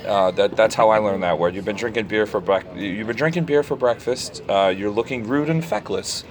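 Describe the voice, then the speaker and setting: A man's voice: lowish voice, moderate pace. A man co-hosting a casual, profane chat in the back of a bar, rambling with stammered restarts. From New York. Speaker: podcast co-host.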